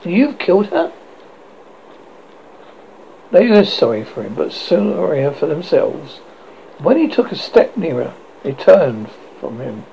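A narrator reading a storybook aloud, halting now and then with restarts, in a dull lo-fi recording. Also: mid-range voice, sing-song, creaky, dark tone, a little hiss or hum.

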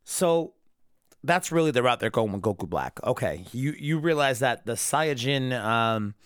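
A man's voice: mid-range voice, expressive, measured pace, dry recording, clean studio sound. A drunk man ranting alone about an episode he disliked, angry and full of swearing. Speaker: anime reviewer. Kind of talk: solo episode review rant.

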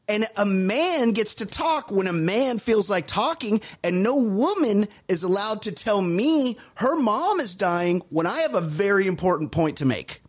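Husky-voiced man, casual podcast chat. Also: high-pitched, unhurried. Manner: profane, animated retelling with mocking impressions. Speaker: podcast co-host.

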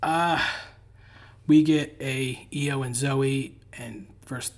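A man in the middle of the usual male pitch range hosts a solo podcast, talking casually into a microphone. His delivery is dry and sarcastic, peppered with "uh" fillers and weary sighs. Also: fairly even intonation, slow, vocal fry. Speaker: podcast host. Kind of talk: casual solo recap monologue.

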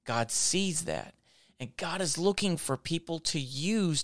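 A man's voice: a little high, expressive, a little slow, fairly bright tone, dry recording, clean studio sound. A man hosting a devotional podcast, preaching in repetitive, building exhortations. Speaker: podcast host.

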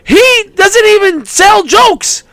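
Man, high voice, sharp bright tone, dry close sound, heated ranting, casual podcast. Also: lively intonation, takes it slowly, vocal fry, no room sound. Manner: heated ranting, bursts of shouting. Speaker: podcast co-host.

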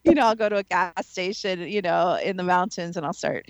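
A woman's voice: fairly low pitch, fairly quick, no echo, lo-fi sound. A woman from the Midwest hosting a radio talk show, chatty and laughing often. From American Midwest. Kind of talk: casual radio chat.

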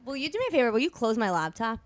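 A woman's voice: a little high, big pitch swings, racing, no echo. A young woman hosting a podcast with her mother, chatting casually and teasingly, laughing often. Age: young adult. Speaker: podcast host. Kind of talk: casual chat.

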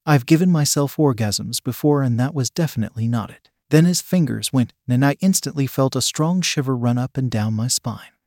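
A man's voice: mid-range voice, a little mellow, dry recording. Man reading a story, dry sound. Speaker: story reader. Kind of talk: scripted narration.

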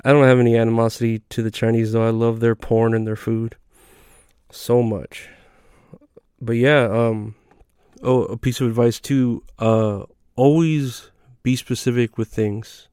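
Mellow, laid-back man telling crude stories. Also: medium pitch, fairly even intonation, a little slow, clear, resonant tone, no room sound, studio quality. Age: adult. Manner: laid-back, profane, rambling with fillers. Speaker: comedy podcast host. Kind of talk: casual comedic storytelling.

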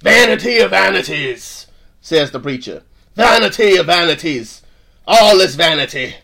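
A man voicing a weary old King Solomon in a put-on British accent, reading in a solemn, measured way. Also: on the high side, expressive, gravelly, pushed and bright, full character voice.

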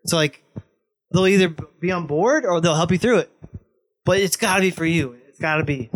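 A man's voice: high-pitched, brisk. A young man in casual chat on a podcast, blunt and pushy, swearing freely as he argues his point. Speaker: podcast guest, host's best friend.

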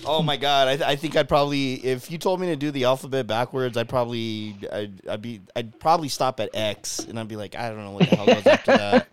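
A man's voice: mid-range voice, clear, resonant tone. Playful, laughing podcast host man. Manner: playful, laughs often, swears casually. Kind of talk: casual chat.

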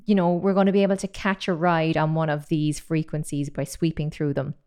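Chatty woman vocal coach, smooth voice. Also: deep voice, level tone, fairly quick, darkish tone. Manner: enthusiastic, chatty, demonstrates sounds. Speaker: singing voice coach. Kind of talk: vocal technique lesson.

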